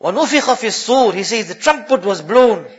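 A man's voice: sits high, expressive, rapid-fire, muffled recording. A man preaching a sermon, telling a dramatic story and weaving Arabic phrases into English.

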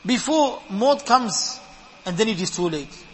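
Man preaching with a really high bright voice, earnest, repeats himself, hall echo and a little hiss. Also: animated, a little slow. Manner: earnest, emphatic, repeats words while building a point. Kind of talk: sermon.

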